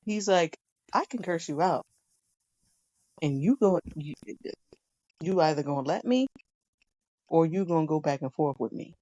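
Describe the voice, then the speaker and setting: Brief: woman, podcast guest, lower voice, chatty and animated, muffled dry mic. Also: measured pace, long pauses, no echo. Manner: chatty, laughing, acts out quotes. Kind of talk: casual TV review chat.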